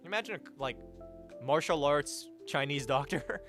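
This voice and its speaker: Speaking at normal speed, a young streamer reads viewers' messages and drifts between topics, cursing freely and staying animated. Faint music runs beneath his bright, somewhat sharp voice, whose pitch moves up and down a great deal.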